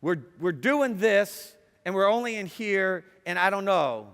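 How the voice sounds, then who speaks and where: A middle-aged man giving a lively talk to students, chatty and playful, asking the audience questions and telling stories. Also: sits high, a little slow, clean tone. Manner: conversational and playful, asks the audience questions, acts out quotes. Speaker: speaker addressing students. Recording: long hall reverb.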